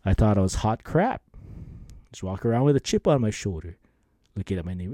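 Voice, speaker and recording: A man's voice: on the low side, a little fast, no echo. A man hosting a podcast, telling rambling stories in a casual way, laughing often and acting out what people said. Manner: rambling, animated, acts out quoted lines. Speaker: podcast host. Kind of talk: casual storytelling monologue.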